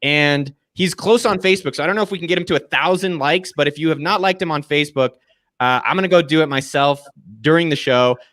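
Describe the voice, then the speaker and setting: Upbeat thirty-something host guy, slangy, bit higher pitched. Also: quick pace, fairly bright tone. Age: 30s. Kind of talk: casual video-call chat.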